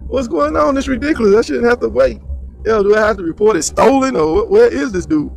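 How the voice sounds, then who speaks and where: A man's voice: extremely high pitch, a little fast, creaky, a little mellow, pitched above the performer's own voice, poor audio. A man doing an impatient, fed-up judge. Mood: exasperated. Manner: exasperated complaining. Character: impatient man, a judge waiting for his car.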